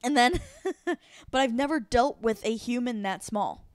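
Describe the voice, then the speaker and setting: A woman's voice: fairly high pitch, expressive, a little slow, dry recording, clean studio sound. A woman co-hosting a casual podcast chat, anxious and self-deprecating, laughing as she talks. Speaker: podcast co-host.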